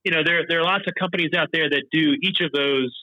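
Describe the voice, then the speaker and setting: A man's voice: on the high side, fast talker, no echo, lo-fi sound. A man being interviewed as a company founder, answering eagerly and explaining things plainly.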